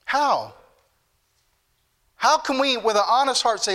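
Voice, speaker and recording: A male pastor delivers a fervent sermon. His voice sits high and rings bright and forceful. He repeats phrases and keeps calling on the brethren. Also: big pitch swings, measured pace, pauses often.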